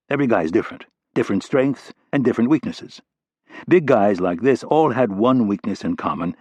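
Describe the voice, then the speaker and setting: A male audiobook narrator reads scripted narration in a low, husky voice, steady and even. The sound is close and dry, with no room sound around it.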